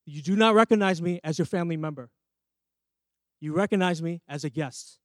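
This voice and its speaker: Speaking a little fast with frequent pauses, this pastor has a fairly high voice and no room sound in the recording. His church sermon is emphatic, with many questions directed at the congregation.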